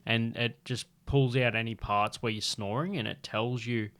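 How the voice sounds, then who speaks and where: A man's voice: mid-range voice, steady tone, moderate pace, a bit bright. A man hosting a casual comedy podcast, laid-back and sweary, laughing often. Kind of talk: casual chat.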